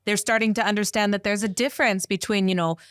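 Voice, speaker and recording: A woman's voice: mid-range voice, fairly even intonation, fast, a bit bright, dry recording, studio quality. A woman co-hosting an interview, speaking thoughtfully with gratitude. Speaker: co-host. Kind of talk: interview conversation.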